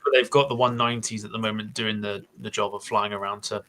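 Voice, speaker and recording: Man, podcast host, bright forceful tone, hesitant casual chat. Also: fairly low pitch, fairly even intonation, fast talker, low-quality recording. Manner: hesitant, thinking aloud with many fillers.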